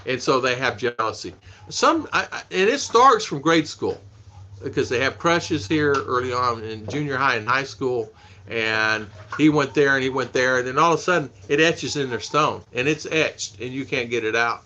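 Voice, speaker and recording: A man's voice: medium pitch, animated, normal speed, pushed and bright, a little hiss or hum. Chatty man hosting a lo-fi live stream. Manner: chatty, laughs often, reads viewer names aloud. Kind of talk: casual live stream chat reading comments. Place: home in the Philippines.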